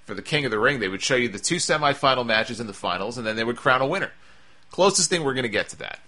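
A man's voice: mid-range voice, expressive, fast, sharp tone. A man giving a casual, chatty recap of a wrestling show, with wry asides and frequent fillers.

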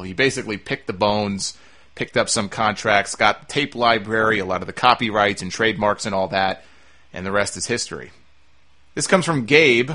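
A man hosts a podcast and replies to listener letters, his mid-range voice carrying a sharp tone. It's casual, conversational talk, heavy on "uh" and restarts.

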